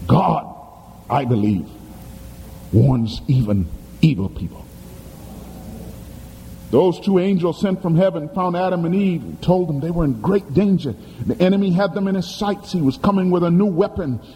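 A man's voice: high-pitched, lively intonation, fairly quick, dark tone, a little hiss or hum. A man preaching a sermon as pastor, dramatic and emphatic, posing questions to the congregation. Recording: echoey hall with faint ambience.

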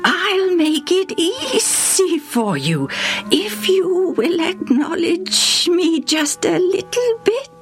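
A woman voicing a sly male devil tempter in a storybook, with a high, slow, coaxing drawl. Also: sing-song, exaggerated voice. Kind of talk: storybook narration. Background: music.

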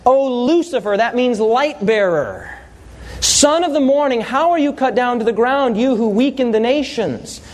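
High-voiced man preaching a sermon. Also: normal speed. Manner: animated storytelling with audience call-and-response.

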